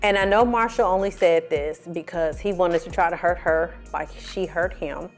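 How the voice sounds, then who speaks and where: A film and TV reviewer with a lowish voice and moderate pace does a casual reality show recap over faint music. Her telling is animated, sassy, full of swearing and attitude.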